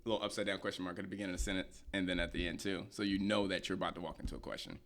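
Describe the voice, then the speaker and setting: A man's voice: low voice, little pitch movement, rapid-fire, a bit bright. A young man co-hosting a podcast, talking casually with wry, opinionated humor and frequent laughs. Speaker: podcast co-host. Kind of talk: casual chat.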